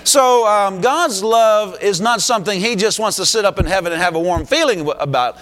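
A man from the United States delivers a sermon as pastor, his voice sitting high. He preaches emphatically, pushing his lines up into exclamations. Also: expressive, normal speed, a bit bright.

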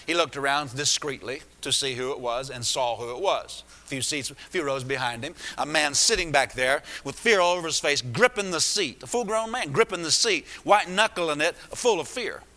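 Preacher guy telling a story, sharp bright voice, kinda high, lots of restarts, big echoey church hall. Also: moderate pace, hardly any pauses. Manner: rambling retelling with many restarts and asides. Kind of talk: sermon storytelling.

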